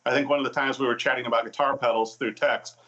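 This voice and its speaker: A man's voice: mid-range voice, fairly even intonation, quick pace, sharp tone, muffled recording. A man hosting a TV music interview, enthusiastic and affirming, with many fillers. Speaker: TV show host. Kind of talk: casual interview talk.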